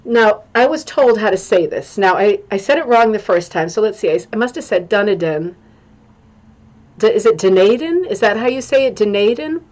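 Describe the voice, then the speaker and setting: A middle-aged woman with a voice of ordinary pitch hosts a relaxed livestream. She reels off greetings to viewers by name and drifts into rambling personal asides. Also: brisk, few pauses. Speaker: livestream host. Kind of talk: casual livestream chat.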